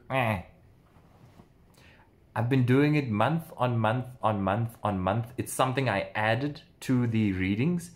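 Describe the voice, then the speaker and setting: Animated man telling a story. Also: medium pitch, slow. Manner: animated, punctuates with sound words. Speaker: empath doing personal readings. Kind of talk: casual storytelling vlog.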